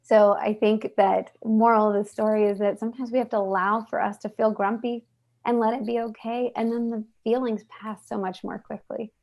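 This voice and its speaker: Chatty gravelly woman retelling a story. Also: a little high, normal speed, highs cut off. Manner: chatty, animated, uses "he's like" a lot. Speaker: panel speaker. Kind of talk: casual storytelling.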